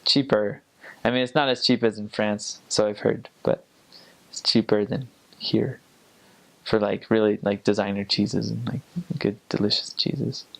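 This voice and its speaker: Rambling young man, low voice. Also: little pitch movement, unhurried, gravelly, fairly bright tone. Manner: rambling, many fillers and restarts, imitates accents. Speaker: returned missionary. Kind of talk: casual storytelling.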